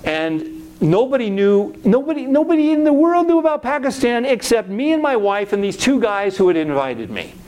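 A middle-aged man, a pastor, telling a personal faith story in a lively way and acting out the voices he quotes. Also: extremely high pitch, normal speed.

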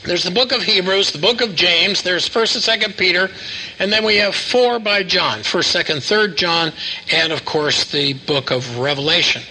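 An older man gives a sermon with a bright, ringing tone and a fairly high voice. He talks in a folksy, anecdotal way, circling back and repeating himself, and a faint hum of room ambience sits under his voice. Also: normal speed, poor audio. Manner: folksy storytelling with asides and repeated phrases. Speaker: pastor.

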